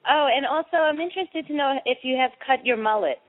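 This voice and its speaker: A woman caller from Texas asks her questions politely and eagerly. Her voice is high and bright. It comes through a tinny phone line. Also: brisk. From Houston, Texas.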